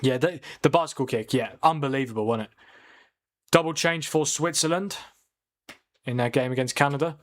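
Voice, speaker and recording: During a casual live football watchalong, a mid-range-voiced host speaks at a moderate pace with frequent pauses while he debates and answers viewers' comments.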